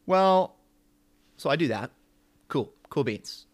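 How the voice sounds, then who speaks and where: A young man co-hosting a podcast, telling a long story in an animated, rambling way. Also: fairly high pitch, slow. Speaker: podcast co-host. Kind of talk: casual chat.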